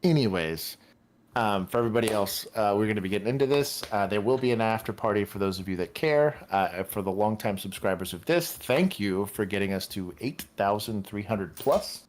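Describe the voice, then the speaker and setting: A man's voice: on the low side, expressive, a little fast, slight background noise. A man from Texas co-hosting a casual livestream, joking and rambling with frequent laughs. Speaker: livestream co-host.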